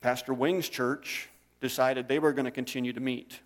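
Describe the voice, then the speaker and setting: A man's voice: mid-range voice, steady tone, normal speed, big-room sound. A man preaching a sermon, telling stories in a conversational way. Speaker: pastor.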